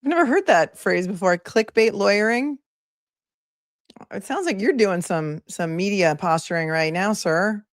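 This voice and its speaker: A woman's voice: fairly low pitch, expressive, moderate pace, hardly any pauses, no echo, clean studio sound. A woman attorney giving live legal commentary in an emphatic, sarcastic, scolding way.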